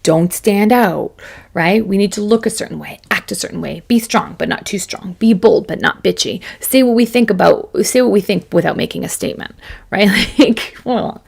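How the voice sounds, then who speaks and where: A woman's voice: medium pitch, moderate pace, vocal fry, darkish tone, breathy edge. A woman in her forties giving a chatty, self-deprecating motivational talk to camera as a business coach, laughing often.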